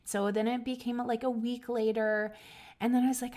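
A woman hosting a talk, telling a personal story in an earnest, emotional way. She swings between hushed, reflective moments and loud, lively bursts. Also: fairly high pitch, moderate pace. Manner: earnest and emotional, with many restarts. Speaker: podcast host.

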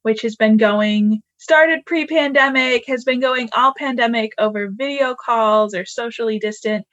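A woman guest on a podcast, chatting in a relaxed, friendly way. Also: fairly high pitch, measured pace, dry recording, highs cut off. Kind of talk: casual interview chat.

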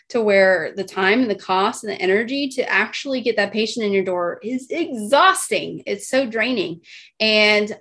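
A woman in her thirties from Texas presents slides in a chatty, personal way, checking in with her listeners again and again. Her voice sits at a middle pitch for a woman. She speaks as an animal chiropractor coaching others and at times turns emotional. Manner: chatty, keeps asking "right?", emotional in places.

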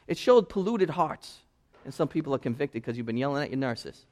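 High-voiced man preaching a sermon. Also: quick pace. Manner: storytelling, rising to loud passionate preaching. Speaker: pastor.

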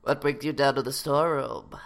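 A man voicing a smarmy, creepy schoolboy suitor who talks slow and oily in a comedy sketch. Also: medium pitch, steady tone, vocal fry, close to an everyday voice.

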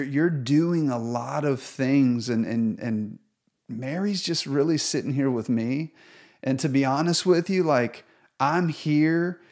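Man playing a patient male teacher; soft, slow and reassuring. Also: medium pitch, natural voice.

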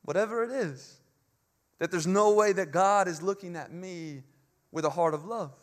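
A man preaching an Easter sermon, earnest and impassioned, with emphatic repetition and swings between hushed phrases and loud climaxes. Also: high-pitched, moderate pace.

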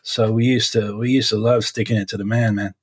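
A man in his forties, a defense attorney, talking in an interview in a halting, reflective way with many restarts. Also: lowish voice, little pitch movement, slightly rough. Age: 40s.

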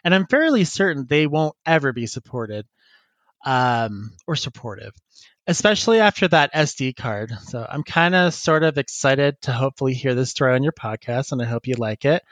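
A man's voice: medium pitch, expressive, moderate pace, a bit bright, no echo. A man co-hosting a casual podcast, who laughs often and rambles while he reads listener emails and chats. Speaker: podcast co-host.

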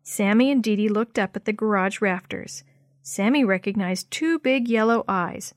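A woman narrating a children's chapter book aloud, telling it in a clear, expressive way. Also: mid-range voice, normal speed, no room sound, clean studio sound.

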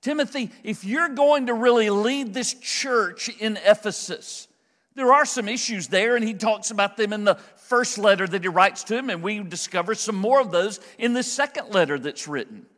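A man preaching a conversational, emphatic expository sermon as pastor, slowing down to stress key phrases. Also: high-pitched, expressive, fairly bright tone, in a large hall. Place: church sanctuary.

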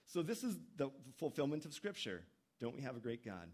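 A man preaching a sermon at a medium pitch. He keeps a conversational tone, stumbles now and then, and leaps higher when he acts out the speakers in his text. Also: a little fast. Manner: animated preaching, voicing quoted speakers with sudden pitch jumps. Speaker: pastor.

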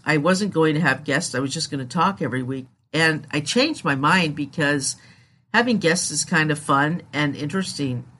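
Candid bright-voiced woman podcaster. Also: sits low. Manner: candid, rambling, self-deprecating. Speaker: podcast host. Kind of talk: casual solo podcast talk.

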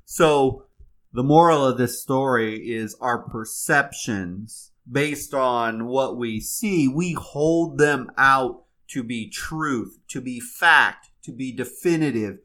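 A man telling a folk tale and drawing out its moral in a relaxed, conversational way. He stumbles and restarts now and then and slows down for emphasis. His voice is bright, with a mid pitch. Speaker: storyteller. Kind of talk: casual storytelling with a moral.

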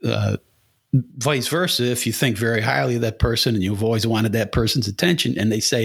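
A man's voice: medium pitch, animated, brisk, gravelly, a bit bright, slightly rough. A man hosting a casual solo podcast, rambling bluntly with casual swearing and rhetorical questions. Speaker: podcast host.

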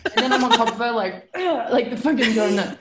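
A woman's voice: fairly high pitch, animated, a little fast, roomy sound, very noisy. A woman in her thirties telling a rowdy story in casual chat, with lots of swearing and filler words. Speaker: podcast co-host telling a story.

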